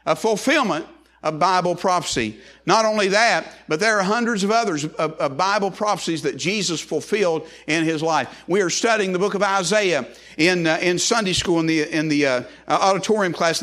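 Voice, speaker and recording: A male pastor preaches in a relaxed, folksy way, circling back and repeating phrases as he goes. His voice sits a little higher than most men's. He talks like he's chatting with his congregation. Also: moderate pace. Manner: folksy, repetitive with frequent restarts. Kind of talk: sermon.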